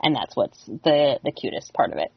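A woman co-hosting a podcast, casually listing what she liked in an episode with many pauses and "um"s. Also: a bass voice, big pitch swings, gravelly, slightly rough, dry recording. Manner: easygoing, many "um"s. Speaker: podcast co-host. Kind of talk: casual TV recap chat. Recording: dry, muffled lo-fi audio.

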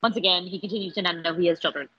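A woman chatting casually about a TV episode, sarcastic and animated, laughing often and acting out quotes. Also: fairly low pitch, very fast, breathy edge, no echo, dull audio. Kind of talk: casual TV episode review chat.

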